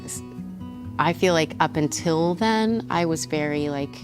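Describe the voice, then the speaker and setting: Chatty woman with a lowish voice. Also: a little slow, over music. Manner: chatty, laughs often, many restarts. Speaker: guest. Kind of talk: casual chat over a meal.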